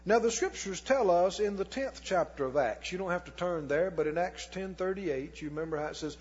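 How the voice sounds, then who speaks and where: High-voiced, husky preacher in a reverberant hall. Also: male voice, expressive. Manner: asks the congregation questions and answers them himself; reads scripture slowly and deliberately. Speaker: pastor. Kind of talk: sermon. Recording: long hall reverb, dull lo-fi sound.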